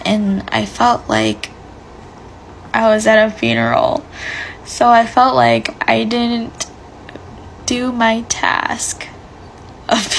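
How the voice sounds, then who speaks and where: A woman slowly recounting a scary dream in casual storytime style, searching for words and laughing nervously. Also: fairly high pitch, vocal fry, slight background noise, poor audio.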